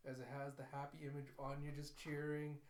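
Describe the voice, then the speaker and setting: A man recapping and reacting to an anime episode, telling the story in an animated, storytelling way. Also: on the high side, brisk, background noise. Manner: animated storytelling, laughs at cute moments. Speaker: anime reviewer. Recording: echoey room.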